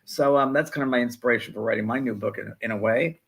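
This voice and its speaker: A man in his sixties, a spiritual medium co-hosting a live show, tells chatty stories and acts out the voices of the people he quotes. He speaks fast in a mid-range voice with vocal fry, a slightly bright tone and a breathy edge.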